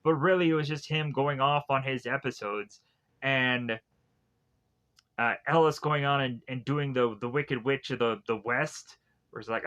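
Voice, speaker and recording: A man giving a casual spoken film review, rambling and halting with many filler words. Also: mid-range voice, a bit bright.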